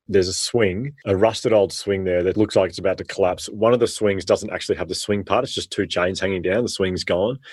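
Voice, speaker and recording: An Australian man, a former teacher, telling stories with animated, slangy energy in an interview. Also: sits low, breathy edge, dry recording. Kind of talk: storytelling in a podcast interview.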